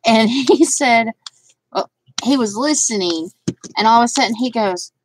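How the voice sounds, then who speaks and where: A woman with a fairly high, lively voice hosts a relaxed live crafting stream, taking her time and rambling as she greets viewers by name. She laughs a lot and lets sentences trail off into fillers, with noise audible in the background.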